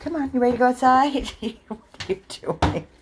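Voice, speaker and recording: A woman's voice: high voice, brisk, background noise. A woman, a dog rescuer, filming one-handed on her phone at home at night, cooing to her dogs in sing-song baby talk and chatting casually to viewers. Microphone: handheld phone, filmed one-handed.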